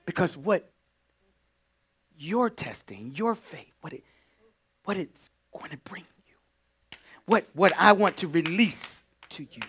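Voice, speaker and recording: A male pastor preaching in a church, his high voice leaping across a very wide range. He moves slowly and deliberately, sinking into breathy whispers before breaking out in loud, ringing cries of praise. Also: sing-song. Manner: swings from hushed whispers to shouted exclamations. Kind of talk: sermon. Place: church sanctuary.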